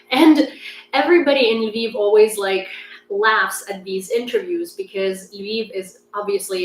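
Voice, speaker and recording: A woman's voice: mid-range voice, fairly bright tone, slight background noise. Rambling young woman, far from the mic. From Ukraine. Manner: rambling, heavy use of "like". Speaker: livestream news host. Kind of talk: casual livestream chat. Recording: roomy sound, distant mic, faint ambience.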